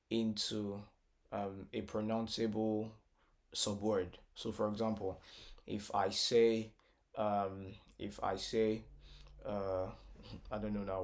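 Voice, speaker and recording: A man teaching a casual music tutorial, explaining step by step with lots of repetition and filler words, sometimes singing short phrases. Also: lowish voice. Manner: breaks into short sung phrases.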